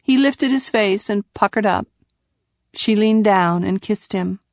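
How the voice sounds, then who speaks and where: A woman narrating a novel in scripted, measured storytelling from a quiet booth. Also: medium pitch, no echo, studio quality. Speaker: audiobook narrator.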